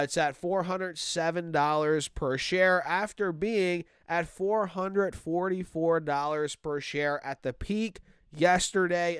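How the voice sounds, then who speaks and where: A man with a stuffed-up nose gives casual market commentary, his voice nasal yet still crisp and very clear. He talks with energy, calls his viewers guys and thinks out loud with plenty of fillers. The sound is dry and close, with no room around it. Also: fairly high pitch, dry recording. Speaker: stock market video host.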